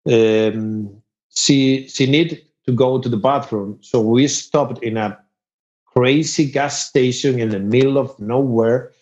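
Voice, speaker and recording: A Spanish-accented man spins a lively anecdote, leaping into a far higher voice whenever he quotes someone. His pitch sits mid-range and the recording sounds a little dull and lo-fi. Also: slow pace. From Spain. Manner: animated, acts out other people's lines in a much higher voice, laughs often. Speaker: guest musician. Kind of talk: casual storytelling.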